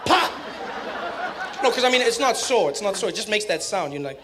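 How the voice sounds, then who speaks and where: A high-voiced man plays it mock-serious in a stand-up set, building up to shouts. The noise of the live crowd comes through clearly behind him. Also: lively intonation, rapid-fire. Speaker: stand-up comedian. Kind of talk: stand-up comedy. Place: comedy club stage. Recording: live stage with audience noise.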